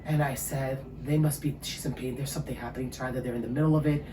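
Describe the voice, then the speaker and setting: A woman's voice: very deep voice, steady tone, racing. Emotional woman telling her story, echoey room. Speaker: interview guest. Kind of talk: personal testimony. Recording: echoey room with faint ambient noise.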